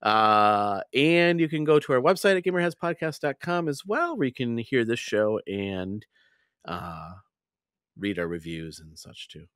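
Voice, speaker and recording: A man's voice: mid-range voice, very animated, measured pace, fairly bright tone, smooth, dry recording, studio quality. A man hosting a gaming podcast, chatting casually and running an upbeat sign-off with fillers. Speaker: podcast host.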